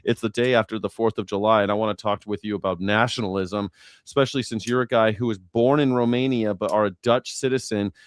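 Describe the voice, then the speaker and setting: A man with an American accent hosting a casual livestream chat, playful, sometimes hamming up a booming radio voice. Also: steady tone, fast talker, smooth, no room sound, studio quality. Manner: playful, hypes himself up with a booming mock radio voice. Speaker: podcast host.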